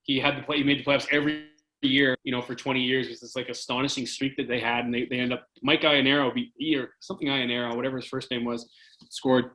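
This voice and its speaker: Talking fast with a flat delivery, a fortyish ex-hockey player from Canada spins rambling tales on a podcast. His medium-pitched voice is pushed and bright, the recording is rough, and he keeps restarting and using fillers.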